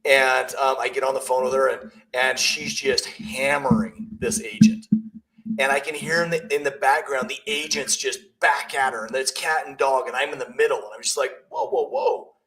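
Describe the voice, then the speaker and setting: A man's voice: mid-range voice, fairly even intonation, moderate pace, sharp tone, poor audio. A man, a realtor and coach, talking bluntly and emphatically in a casual business podcast chat, telling stories.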